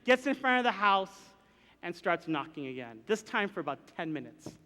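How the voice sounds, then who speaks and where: A man telling a personal story to a live audience, animated and acting out the voices and sounds in it. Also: high voice, moderate pace, a little hiss or hum. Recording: long hall reverb.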